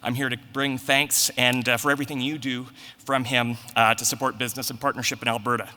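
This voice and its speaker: A man in his forties delivers earnest, conversational closing remarks at a conference, a little short of breath. His voice is bright and forceful. The sound carries the long reverb of a large hall. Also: mid-range voice, little pitch movement, fast talker. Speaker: bank executive giving closing remarks. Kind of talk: conference speech.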